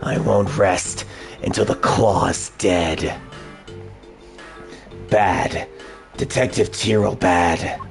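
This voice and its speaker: A terse, brooding detective, his voice dropped far below a normal speaking pitch. He talks in short, grim, clipped phrases with heavy pauses, like a noir hero in a fan dub of a game. Soft music plays faintly underneath. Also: fairly even intonation, vocal fry, exaggerated voice. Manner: clipped, grim, few words. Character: gruff hard-boiled male detective, terse and brooding.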